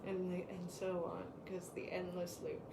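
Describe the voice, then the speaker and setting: A woman co-hosting a spiritual talk, reading card meanings aloud in a measured way and laughing often in the chat. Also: fairly low pitch, little pitch movement, roomy sound, noisy background.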